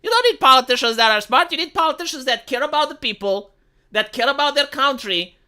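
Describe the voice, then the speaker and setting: A young man hosting a livestream, ranting casually with lots of swearing and big swings in pitch. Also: lively intonation, fast talker, pushed and bright. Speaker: livestream host.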